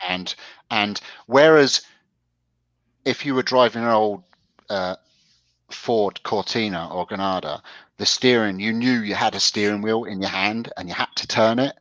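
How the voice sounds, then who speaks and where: A man's voice: on the low side, measured pace, a bit bright, no room sound. A man co-hosting a casual chat show, telling stories in a stop-start way with restarts. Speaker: podcast co-host.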